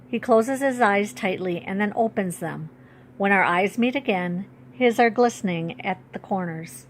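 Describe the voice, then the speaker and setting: A woman author reading her own storybook aloud in a steady, clear, expressive way. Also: medium pitch, moderate pace, a little hiss or hum.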